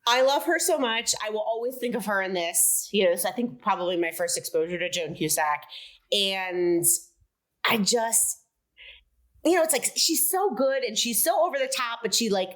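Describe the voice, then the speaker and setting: A woman co-hosting a casual film podcast, animated and giggly, asking playful questions. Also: mid-range voice, normal speed. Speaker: podcast co-host.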